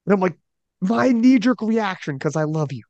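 A man hosting a podcast interview, telling a story in an animated, emphatic way. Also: sits high, moderate pace, no echo, highs cut off. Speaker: podcast host.

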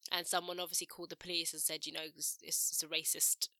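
A woman's voice: deep voice, level tone, fast, vocal fry, sharp tone, no echo, studio quality. A woman co-hosting a podcast in casual chat, chatty and mocking, laughing along. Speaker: podcast co-host.

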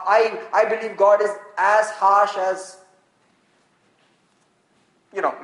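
Animated preacher, male, asks the room questions, reverberant hall sound. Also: high voice. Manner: animated, rhetorical questions, quick asides. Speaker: pastor. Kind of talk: sermon.

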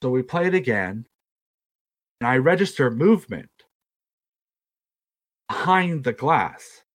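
A man's voice: mid-range voice, big pitch swings, slow. A young man from South Carolina with a Southern US accent, telling a story in a rambling, self-deprecating way. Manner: rambling, self-deprecating, acts out quoted voices. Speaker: podcast storyteller. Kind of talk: casual storytelling.

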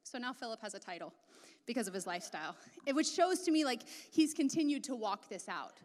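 A woman's voice: fairly high pitch, lively intonation, quick pace. A woman preaching a sermon in a casual, chatty way, full of asides. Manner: casual and chatty, many asides and filler words. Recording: long reverb of a large hall.

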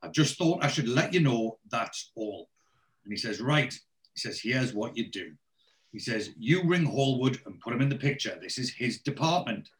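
A man's voice: medium pitch, moderate pace. A man on a podcast, recapping a TV series in casual chat, quoting the characters' dialogue with lots of fillers and restarts. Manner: animated storyteller, many fillers and restarts. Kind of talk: casual chat, retelling scenes with quoted dialogue.

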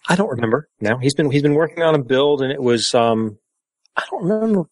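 A male co-host on a podcast, talking at a mid-range pitch in a laid-back, chatty way. He is quick to correct himself with a shrug. His voice sits close and dry, with no room around it. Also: expressive, no room sound. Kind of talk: casual podcast chat.

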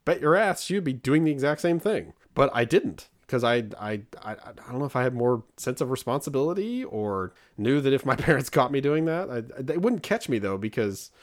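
A man's voice: medium pitch, sing-song, moderate pace, hardly any pauses. A man in his forties co-hosting a podcast, telling stories about his kids in a rambling, stop-and-start way. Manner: rambling, self-interrupting storyteller. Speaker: podcast co-host. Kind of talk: casual chat.

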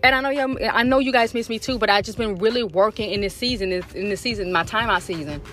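A woman's voice: medium pitch, quick pace, a bit bright, faint music behind. A woman with a Southern US accent hosting a casual faith and wellness podcast check-in from inside her car, talking to listeners in a chatty, repetitive way. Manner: chatty, repeats herself, addresses listeners as y'all. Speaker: podcast host.

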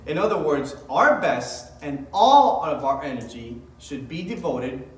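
A man's voice: fairly high pitch, expressive, unhurried, echoey room, distant mic, rough recording. A man preaching as a pastor, reading scripture aloud and then explaining it with rising emphasis. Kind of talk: sermon.

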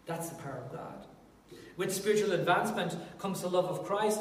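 A man preaching a sermon in a jokey, animated way, swelling loud at times. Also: high voice, fairly quick. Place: church hall. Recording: echoey hall from far off.

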